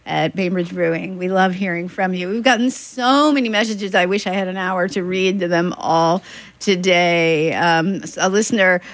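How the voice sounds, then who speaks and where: A woman's voice: fairly low pitch, moderate pace, no room sound. A woman radio DJ in casual on-air chat, enthusiastic and reading listener messages. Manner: chatty and enthusiastic, reads listener messages aloud.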